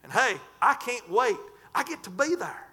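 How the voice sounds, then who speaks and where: A man preaching a sermon in a fervent, folksy way, stretching and shouting scripture lines. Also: very high voice, big pitch swings, normal speed, breathy edge. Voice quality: folksy, colloquial.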